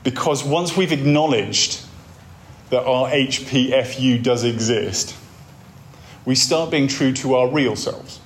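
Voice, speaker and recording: A man's voice: medium pitch, slow, a little hiss or hum. A man giving a wry, conversational talk on a faith course, telling stories to make his points. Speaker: course speaker.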